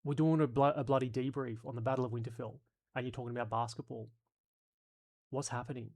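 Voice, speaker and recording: A man's voice: mid-range voice, steady tone, fast, darkish tone. An Australian man talking on a live stream, reading out viewer comments and answering them. He swears freely and sounds exasperated, thinking his points through aloud. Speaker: YouTube host reading live chat.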